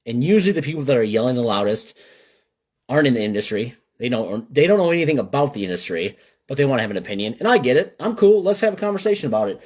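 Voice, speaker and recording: A man from Minnesota talks straight to the camera in a casual vlog. His speech is blunt and conversational, with an animated, ranting edge. His voice sits at an ordinary middle pitch for a man. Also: fast. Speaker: gutter business owner.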